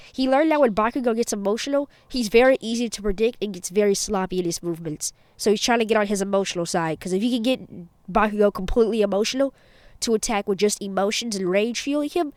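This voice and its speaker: A woman's voice: medium pitch, a little mellow, dry recording. Chatty woman telling fan fiction. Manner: chatty, rambling, self-correcting. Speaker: channel host and storyteller. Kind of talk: casual fan-fiction storytelling.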